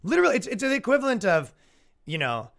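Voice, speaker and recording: A man's voice: sits high, huge pitch swings, fast, gravelly, fairly bright tone. A young man with a Canadian accent hosting a solo comedy podcast, ranting sarcastically, swearing and mock-quoting the other side. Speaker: podcast host.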